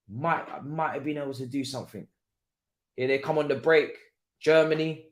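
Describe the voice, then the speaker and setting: A young man doing live football watchalong commentary, chatty and slangy, shouting at the players. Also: mid-range voice, normal speed, pauses often. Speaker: watchalong streamer.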